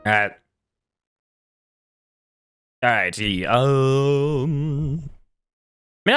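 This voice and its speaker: A man's voice: medium pitch, lively intonation, a little slow. Young male streamer, casual and jokey, mid-range voice, game music playing under him. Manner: joking, chuckles often, talks to chat. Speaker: live-streaming gamer. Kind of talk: casual live-stream chat while playing.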